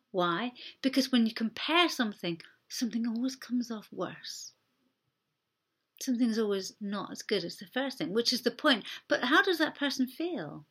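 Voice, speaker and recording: A woman preaching a sermon in a gentle, conversational way, often dropping her voice almost to a whisper. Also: a little high, animated, moderate pace, slightly rough.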